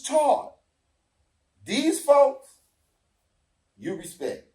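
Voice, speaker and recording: A man's voice: a little high, sing-song, a little slow, reverberant. A middle-aged man in a heated casual discussion, explaining himself emphatically and acting out what others said. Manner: emphatic, explains with acted-out quotes. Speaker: podcast host.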